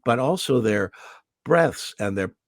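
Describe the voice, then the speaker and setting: An older man, a veteran voice actor, telling stories in an interview with lively delivery and a throat he keeps clearing. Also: medium pitch, slow, no room sound, studio quality. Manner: animated anecdotal delivery with restarts. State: throat irritated, clearing it often. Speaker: voice actor guest. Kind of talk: interview storytelling. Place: home in California.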